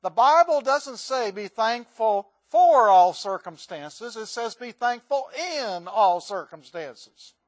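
A man doing an impression of an older preacher, loud and slow with drawn-out emphasis. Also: very high voice, animated, voice pushed up, heavily acted. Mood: booming. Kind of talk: sermon impression.

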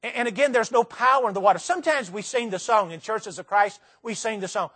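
A man with a Southern accent preaching a sermon in a church, earnest and repetitive, stressing key phrases slowly. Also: high-pitched, fairly bright tone. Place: church sanctuary.

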